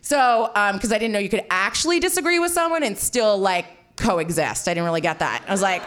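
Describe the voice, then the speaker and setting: A woman telling a personal story, animated and self-mocking, swearing freely and filling her talk with "like". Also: mid-range voice, a little fast, few pauses, clean tone. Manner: animated, swearing, heavy filler "like"; self-mocking, frequent laughter.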